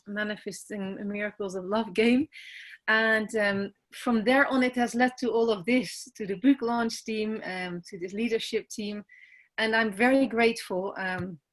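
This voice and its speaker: A Dutch-accented woman speaks softly and haltingly over a video call, pausing on many ums. She sounds tearful and emotional, her voice sitting at an ordinary middle pitch for a woman. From Netherlands. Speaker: team member on a group call. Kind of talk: casual self-introduction on a video call.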